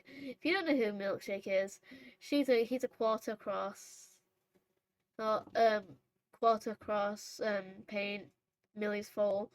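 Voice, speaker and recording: A woman's voice: mid-range voice, rough recording. A woman vlogging casually over horse role-play gameplay, rambling and chatty with many fillers and self-corrections. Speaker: gaming vlogger.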